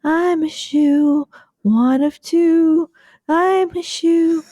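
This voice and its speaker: A woman voicing a high-pitched talking shoe that bickers and snaps insults. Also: steady tone, warm tone, no echo, studio quality, full character voice. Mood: sing-song. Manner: shrill, bickering, quick to insult. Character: sultry high-voiced talking shoe, bossy and snappish.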